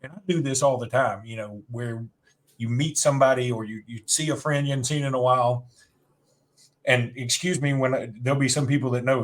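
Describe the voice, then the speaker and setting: A man from Alabama talking in a loose, chatty way on a sports podcast. He rambles through his stories and pokes fun at himself as he goes. His pitch sits in an ordinary middle range. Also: fast talker. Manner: rambling storyteller, self-deprecating. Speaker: podcast co-host. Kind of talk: casual sports chat.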